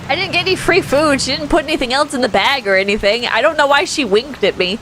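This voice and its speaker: Woman with a high voice rambling through a funny story, laughing a lot, faint hum behind her. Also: fast, rough recording. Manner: animated, laughing, swearing freely. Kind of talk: casual storytelling on a stream.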